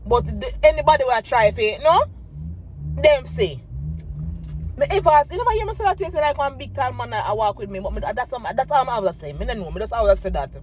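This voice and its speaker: A woman's voice: on the high side, slight background noise, low-quality recording. Earnest Jamaican woman testifying in a car. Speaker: vlogger. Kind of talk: casual chat.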